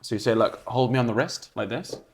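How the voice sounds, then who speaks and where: A man's voice: medium pitch, brisk. Teasing man explaining a trick. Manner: teasing, acts out dialogue. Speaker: magician. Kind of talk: casual chat.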